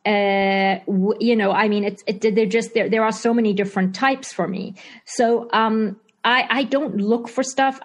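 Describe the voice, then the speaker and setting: A middle-aged woman with a Zimbabwean accent tinged American, an actor-writer chatting in a remote interview with many fillers and restarts. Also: medium pitch. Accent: Zimbabwean with American and British tinges. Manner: hesitant, many restarts and fillers, laughs often.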